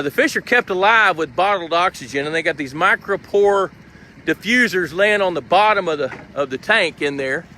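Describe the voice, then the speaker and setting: A man's voice: high voice, pushed and bright, slight background noise. A man hosting a live stream outdoors by a lake, chatty and explanatory as he walks around with his phone camera. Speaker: host. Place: outdoors by a lake at a fish truck. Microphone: handheld phone camera.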